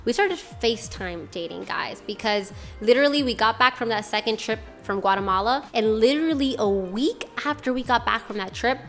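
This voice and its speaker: A woman's voice: a little high, lively intonation, normal speed, few pauses, faint music behind. A young woman from Boston telling her personal story to her channel in a casual, rambling way, full of "like" and other fillers. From Boston, USA. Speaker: channel host. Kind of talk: personal testimony vlog.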